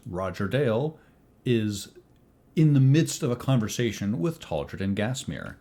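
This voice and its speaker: A man with a fairly low voice runs a tabletop game, narrating scenes and speaking for characters. His delivery is dry and sardonic. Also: big pitch swings, unhurried, mellow. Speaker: game master.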